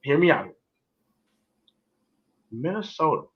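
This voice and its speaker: Emphatic male sports-talk host, slightly high, lively delivery. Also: slow, muffled recording. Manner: animated, emphatic storyteller, repeats himself. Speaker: podcast co-host.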